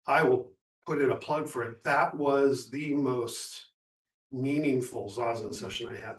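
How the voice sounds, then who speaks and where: A man sharing a retreat experience in a casual group discussion, earnest and reflective, often halting. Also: mid-range voice, a bit bright, roomy sound, distant mic. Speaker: Zen retreat participant.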